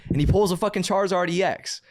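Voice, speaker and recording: A man telling a story as a podcast guest, in a casual, animated way, swearing and laughing as he talks. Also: high voice, fast talker, no room sound, studio quality. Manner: animated, profane, laughs mid-sentence.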